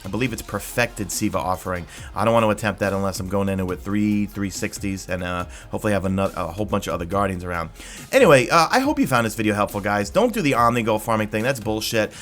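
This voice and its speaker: A man giving a casual gameplay guide as a gaming YouTuber, rambling and excited with quick asides. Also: fairly low pitch, soft background music.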